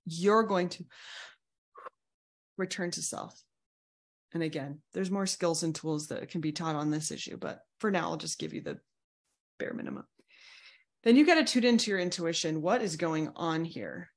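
A woman with a somewhat low voice coaches listeners through a lesson one step at a time. She reassures warmly and slips briefly into quoted voices to act out examples. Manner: reassuring, explains in steps, acts out quoted voices. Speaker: betrayal recovery coach. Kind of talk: podcast teaching talk.

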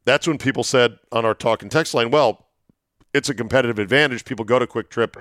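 A man hosts a solo talk segment, spinning anecdotes with wry asides in a medium-pitched voice. His voice is wearing thin and a little hoarse. The sound is close and dry, with no room around it. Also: brisk, fairly bright tone, no echo. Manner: chatty, storytelling, wry asides. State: voice going hoarse. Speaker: sports radio host. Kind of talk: solo monologue, casual chat.

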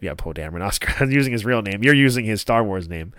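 A man co-hosting a casual chat, animated and enthusiastic, laughing often. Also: on the low side, fast, clear, resonant tone. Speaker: podcast co-host.

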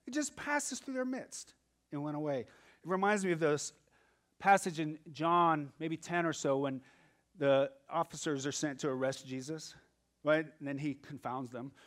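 A male pastor preaching a sermon, moving from quiet asides to loud emphatic passages and acting out quoted voices. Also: a little high, moderate pace.

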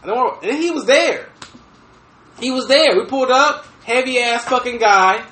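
A man telling a story on a casual podcast, animated and profane, often laughing as he talks. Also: very high-pitched, moderate pace, echoey room. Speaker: podcast host. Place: room with fireplace.

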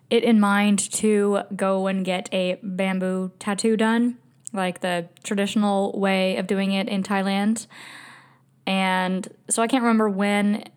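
Woman, podcast host, chatty travel storytelling, frequent laughs, "like" fillers, self-mocking. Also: mid-range voice. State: migraine, speech slipping. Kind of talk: casual storytelling monologue.

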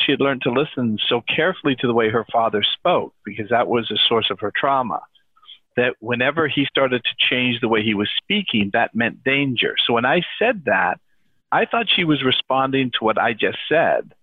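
Man, mid-pitched, calm explainer, podcast guest, dry, phone-like line. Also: moderate pace, breathy edge, no echo. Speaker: guest therapist.

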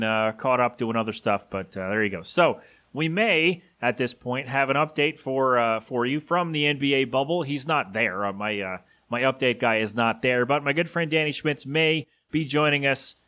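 A man's voice: mid-range voice, moderate pace, sharp tone. A man hosting a podcast, rambling casually and opinionatedly about sports with many fillers and asides. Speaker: podcast host.

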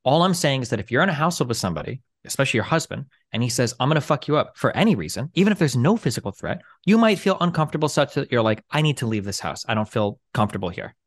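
A man's voice: medium pitch, very animated, racing, few pauses, dry recording, studio quality. A man in a heated online debate, pressing his opponents, interrupting and demanding yes-or-no answers over a video call.

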